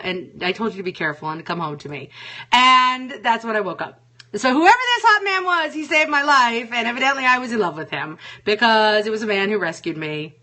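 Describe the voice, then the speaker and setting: Woman host rambling casually, kinda high voice, blunt and sweary. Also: sharp tone. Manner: chatty and frank, swears freely. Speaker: show host. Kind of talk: casual solo chat, reading viewer comments.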